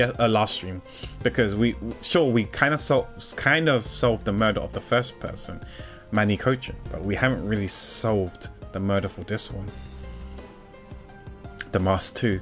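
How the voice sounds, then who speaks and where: A man streaming a game, commenting between scenes with quick, laughing asides. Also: lowish voice, faint music behind. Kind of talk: let's-play commentary.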